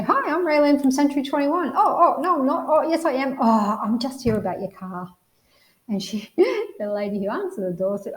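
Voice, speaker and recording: A woman's voice: medium pitch, reverberant, rough recording. A woman with an Australian accent giving a real estate training talk, telling anecdotes and acting out the people in them. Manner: lively storyteller, acts out the people in her stories.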